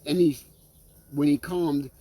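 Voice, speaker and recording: Slow, earnest male preacher. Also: on the high side, fairly even intonation, mellow, breathy edge. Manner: earnest, checks in with listeners with frequent "okay?" and "right?"; repeats and restarts phrases. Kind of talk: sermon.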